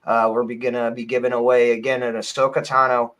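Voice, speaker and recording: Upbeat co-host plugging merch. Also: male voice, mid-range voice, flat delivery, quick pace, fairly bright tone. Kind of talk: casual livestream chat.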